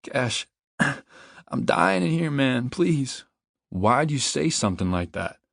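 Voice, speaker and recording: A man's voice: medium pitch, big pitch swings, measured pace, vocal fry, a bit bright, dry recording, clean studio sound, pitched above the performer's own voice, full character voice. A man voicing a panicked young man who is trapped and begging desperately to be let out. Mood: desperate pleading. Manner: pleading, whimpering.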